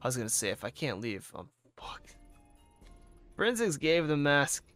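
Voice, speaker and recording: A man's voice: on the high side, very animated, fast, a bit bright, soft background music. A man giving casual gameplay commentary, wry, crude and offhand. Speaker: let's-play commentator.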